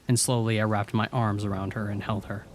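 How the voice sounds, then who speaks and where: A man narrating a scripted horror story in a measured, somber way. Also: on the low side, little pitch movement, slight background noise. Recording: faint rain ambience behind.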